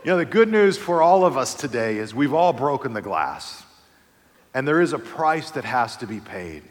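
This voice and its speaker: A middle-aged man preaching a sermon as pastor, telling a family story, moving between quiet, low passages and loud, animated stretches. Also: normal speed. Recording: long reverb of a large hall.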